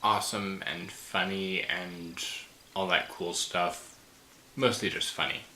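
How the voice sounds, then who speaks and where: A tired man chatting casually, pausing with fillers as he hunts for words. His voice is low-set and bright. A roomy echo and faint background noise sit behind him. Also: steady tone. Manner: hesitant, searching for words. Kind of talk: casual film chat.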